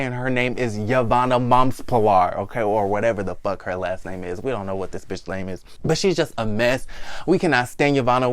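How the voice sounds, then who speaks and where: A man's voice: mid-range voice, clear, resonant tone, dry recording, studio quality. A young man hosting his own vlog, recapping a reality TV show in a sassy, blunt, profane chat. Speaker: vlog host.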